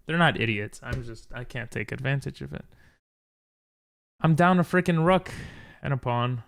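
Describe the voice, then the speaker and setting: Gravelly, frustrated man thinking aloud. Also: medium pitch, moderate pace, a bit bright. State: tired from little sleep. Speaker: chess streamer. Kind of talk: casual game commentary.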